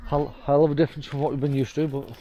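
A man's voice: on the high side, little pitch movement, very fast, mellow, lo-fi sound. Breathless man on a walk. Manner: chatty, mild swearing. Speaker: travel vlogger. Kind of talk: casual walking commentary. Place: outdoors in windy old town streets.

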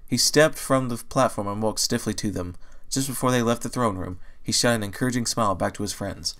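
A man reading fan fiction aloud as a narrator, in steady storytelling. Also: on the low side, brisk. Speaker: audiobook reader.

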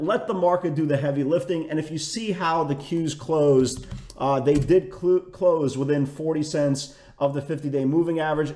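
A man's voice: fairly high pitch, dark tone, roomy sound. A man giving a market recap as a trading educator, chatty and full of restarts, often tagging lines with "right?". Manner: chatty, repeats "right?" and "again"; self-correcting restarts.

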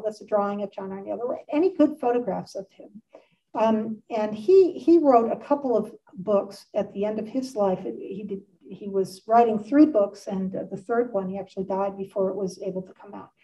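A mellow, medium-pitched woman in her sixties lectures on art history from across a community center meeting room. She's chatty and enthusiastic, drifting into frequent asides during this casual illustrated talk, and the distant recording sounds dull.

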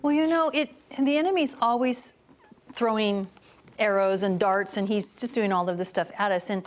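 A middle-aged woman speaking as a guest on a Christian talk show, telling lively stories and acting out what people said. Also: mid-range voice, normal speed. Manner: animated storytelling, acts out quoted voices.

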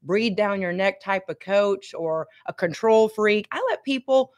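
A woman's voice: medium pitch, expressive, measured pace. A middle-aged woman giving a motivational coaching talk on a livestream, emphatic and repeating key lines for effect. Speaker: fitness and life coach.

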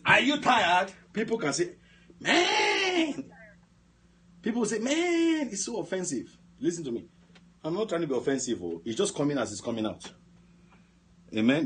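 A man leading a shouted fire prayer as a pastor, with intense bursts of speaking in tongues and chuckling asides. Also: fairly high pitch, slightly rough. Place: church or prayer broadcast.

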